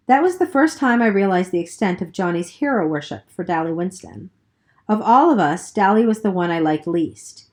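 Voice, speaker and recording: A woman's voice: fairly low pitch, moderate pace. Woman reading a novel aloud. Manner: steady first-person narration, occasional slips. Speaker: reader.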